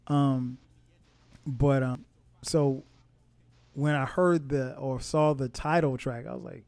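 A man's voice: medium pitch, fairly even intonation, measured pace, long pauses, a little mellow, no room sound. A man hosting a casual music podcast, rambling with lots of fillers and restarts. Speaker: podcast host. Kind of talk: casual music review chat. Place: home in Atlanta.

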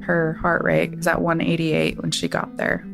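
A woman's voice: sits low, very animated, normal speed, creaky, music in the background. A woman speaking as the sister of the main interviewee, earnestly recalling events in her own words. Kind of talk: emotional personal testimony.

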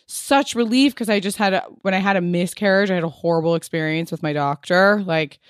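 A woman's voice: on the low side, fairly quick, smooth, no room sound, clean studio sound. A woman in her thirties talking candidly and frankly in a rambling chat, using "like" constantly. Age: 30s. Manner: frank, rambling, heavy use of "like".

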